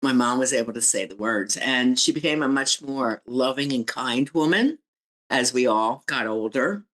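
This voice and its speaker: A woman's voice: very deep voice, lively intonation, normal speed, fairly bright tone, rough recording. Woman, podcast guest, candid reflective storyteller. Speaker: guest, relationship coach and author.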